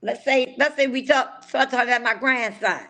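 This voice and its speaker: An older woman from North Carolina co-hosting a podcast, chatting casually in a rambling, excitable way with frequent restarts. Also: fairly high pitch, fairly quick. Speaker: podcast co-host. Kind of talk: casual chat.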